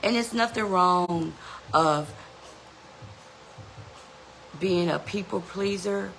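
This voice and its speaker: A woman's voice: on the low side, takes it slowly, creaky, a bit bright, a little hiss or hum, rough recording. A woman hosting a podcast, giving an earnest, motivational self-help talk and often saying "you know". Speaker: podcast host.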